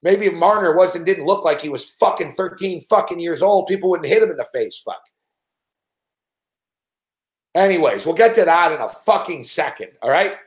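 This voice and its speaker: Male sports host, slightly high voice, loud profane ranter, echoey room. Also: animated, a little fast, few pauses. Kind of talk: profane sports betting rant show. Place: indoor home studio.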